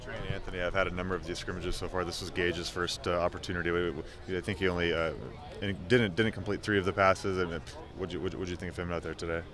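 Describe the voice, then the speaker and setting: A male sports reporter asking a player questions outdoors at practice, with halting restarts. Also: low-pitched, level tone, a bit bright. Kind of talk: press interview questions.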